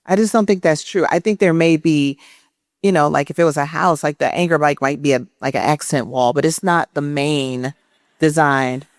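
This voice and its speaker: Woman professor, stage conversation; thoughtful, searching delivery, lower pitch, dry close mic. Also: moderate pace, no room sound. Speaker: writing professor, conversation partner. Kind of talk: onstage public conversation. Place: indoor event stage.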